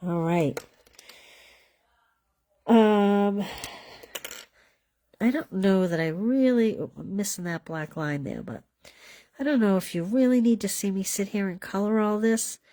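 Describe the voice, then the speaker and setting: A woman's voice: medium pitch, a little slow, pauses often, dark tone, a little hiss or hum. A woman hosting a live card-making class from home, chatting casually as she colors and assembles cards, often trailing off mid-sentence. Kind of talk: casual live craft demonstration.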